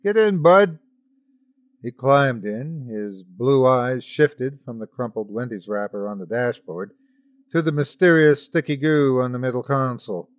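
A man's voice: medium pitch, normal speed, dry recording. Theatrical man narrating horror stories. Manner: theatrical, dramatic storytelling. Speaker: podcast host and narrator. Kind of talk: scripted horror story narration.

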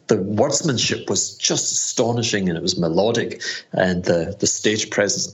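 Deep-voiced Scottish man, rambling. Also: normal speed, vocal fry. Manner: rambling, self-deprecating, with frequent restarts and laughs. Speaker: hedge fund manager, guest. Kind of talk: conversational interview answers.

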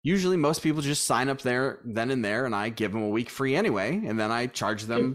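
Speaking a little fast in a medium-pitched voice, a man who owns a gym tells stories as a guest in a casual interview. He brings them to life by performing the dialogue of the people involved.

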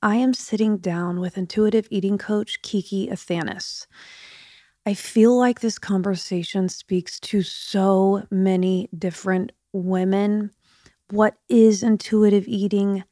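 A middle-aged woman talks straight to her listeners with a slight lisp, her jaw still stiff from surgery. Her voice sits at an ordinary pitch, and she chats in a confiding way, sometimes dropping to a whisper. The recording is close and dry. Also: steady tone, measured pace, dark tone, no room sound. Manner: chatty, confiding, drops to whispers. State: recovering from jaw surgery, limited mouth movement. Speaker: podcast host. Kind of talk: casual chat.

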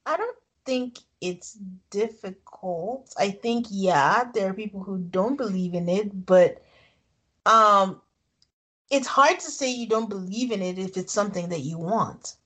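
A woman's voice: medium pitch, unhurried, a bit bright, breathy edge. A woman co-hosting a casual podcast, chatty and laughing often as she retells scenes. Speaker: podcast co-host recapping a reality show. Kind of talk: casual recap chat.

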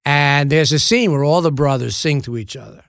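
Gravelly older actor spinning an anecdote, dry close sound, stop-start delivery. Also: male voice, on the high side, no room sound. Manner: lively storyteller, halting restarts and asides. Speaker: actor guest. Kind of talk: anecdotal interview storytelling.

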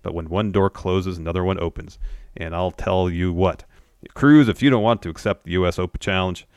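A man co-hosting a casual recap podcast, retelling events in a steady, matter-of-fact way. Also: sits low, fairly quick, smooth, no echo, studio quality. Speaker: podcast co-host.

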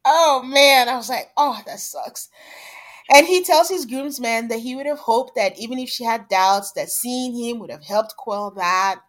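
This is a woman co-hosting a casual podcast, recapping a reality dating show. Her voice sits a little on the high side, and she tells the story in a chatty, animated way, jumping into quoted asides as she goes. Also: normal speed, hardly any pauses. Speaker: podcast co-host.

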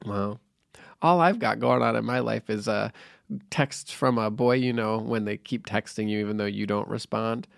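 A chatty man co-hosting a podcast, rambling through his points with lots of fillers and quick laughs. His voice has a gravelly fry to it, recorded close and dry with no room sound. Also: on the low side, no echo. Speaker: podcast co-host. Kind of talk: casual chat.

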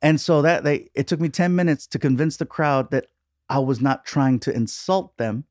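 A male comedian guest on a podcast, chatting casually and telling animated stories, jumping into loud, high voices when he quotes people. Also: normal speed, dry recording, clean studio sound.

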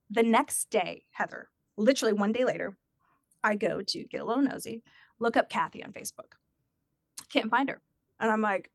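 A woman's voice: medium pitch, fairly quick, creaky, dry recording, studio quality. A woman telling a personal family story in casual chat, acting out the voices of the people she quotes. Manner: animated, acts out quoted voices.

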